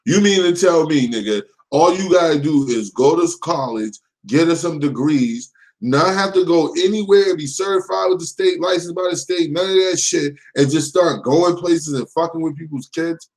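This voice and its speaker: A man's voice: a little high, normal speed, darkish tone, low-quality recording. A man hosting a live call-in show, ranting heatedly and cursing often. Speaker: show host.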